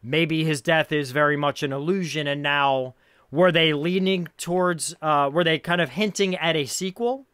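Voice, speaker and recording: A high-pitched man hosts a casual film podcast. He rambles, thinks out loud and laughs often as he goes. The recording is dry and close, with no room sound. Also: moderate pace, smooth, no echo. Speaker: podcast host.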